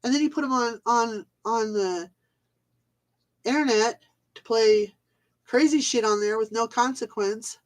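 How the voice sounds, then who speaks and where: A woman's voice: a little high, takes it slowly, long pauses, low-quality recording. A woman vlogging a rambling, exasperated rant, swearing and trailing off with fillers. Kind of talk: ranting casual monologue.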